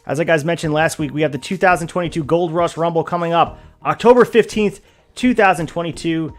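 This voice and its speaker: A man's voice: fairly high pitch, a little fast. Upbeat man hosting a wrestling podcast. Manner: energetic, hypes and plugs upcoming shows. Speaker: podcast host. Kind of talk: casual wrestling podcast chat.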